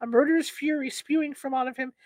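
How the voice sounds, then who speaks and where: A woman narrates an audiobook in a steady, dramatic reading. Her voice sits high, and the sound is dry and close, with no room around it. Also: fast talker, dry recording.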